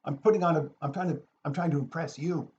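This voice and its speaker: A man's voice: on the high side, quick pace, darkish tone, close to an everyday voice. Fussy, hesitant male friend fishing for reassurance about his outfit, as a storyteller puts him on; muffled lo-fi recording. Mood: fretful. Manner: fretful, hesitant, seeks reassurance. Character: fussy, clothes-obsessed adult male friend.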